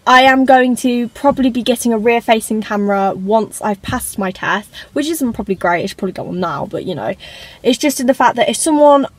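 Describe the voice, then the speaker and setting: A woman's voice: on the high side, a little fast, no room sound, poor audio. Chatty teenage girl, rambling. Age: teens. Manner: rambling, chatty, self-conscious asides. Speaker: vlogger. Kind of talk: casual car tour vlog.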